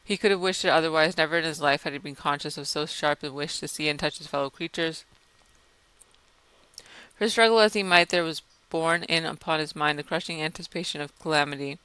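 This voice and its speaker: A man reading a classic novel aloud in a measured, dramatic narration style. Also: fairly high pitch, fairly even intonation, pushed and bright, clean tone, no room sound, low-quality recording. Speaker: audiobook reader. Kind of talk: scripted narration.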